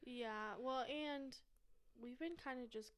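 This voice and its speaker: A woman's voice: high voice, takes it slowly, a bit bright. A woman co-hosting a podcast in casual chat, chiming in often with "yeah" and laughing along. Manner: supportive listener, laughs often and chimes in with "yeah". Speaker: podcast co-host.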